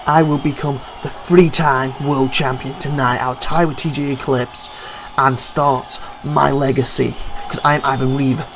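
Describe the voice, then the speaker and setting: Guy doing a cocky wrestler hyping himself up, loud and taunting. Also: on the high side, background noise, lightly acted. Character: boastful male wrestler cutting a promo.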